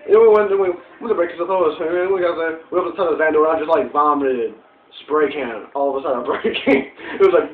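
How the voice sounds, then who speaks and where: Fast rambling high-voiced man. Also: slight background noise. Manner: rambling, profane, acts out quotes. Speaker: storyteller. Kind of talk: casual rambling story. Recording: tinny echoey distant recording.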